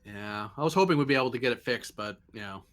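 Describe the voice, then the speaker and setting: A man's voice: medium pitch, animated, quick pace, a bit bright. A man playing a first officer in a tabletop role-play game, casual and joking with some hesitations.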